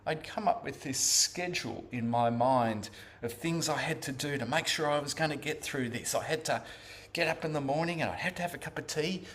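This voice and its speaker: An Australian man giving a personal talk about his path into Zen practice, speaking haltingly with many fillers and restarts. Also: on the high side, a bit bright.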